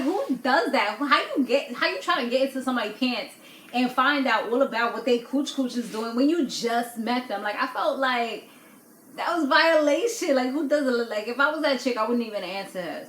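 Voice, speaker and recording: A woman casually recapping a reality TV episode, animated and gossipy, acting out what people said. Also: on the high side, moderate pace. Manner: animated, gossipy, laughs often, acts out quotes. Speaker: TV recap vlogger. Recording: echoey room with faint noise.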